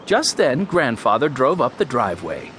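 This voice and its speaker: A man narrating a children's mystery audiobook in a clear, storytelling voice. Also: medium pitch, sing-song, normal speed, a bit bright, slight background noise.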